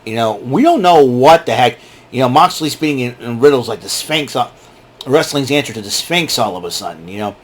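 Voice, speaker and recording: A man's voice: medium pitch, fairly quick. A man giving a casual, rambling wrestling recap and often laughing at his own jokes. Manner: animated, rambling, laughs a lot. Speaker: wrestling show reviewer.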